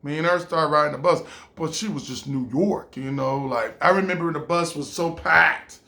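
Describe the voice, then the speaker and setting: A man with a high voice tells a casual story from his own life. He rambles, restarts, stacks up fillers, and stops to act out what people said. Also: moderate pace, creaky, pushed and bright.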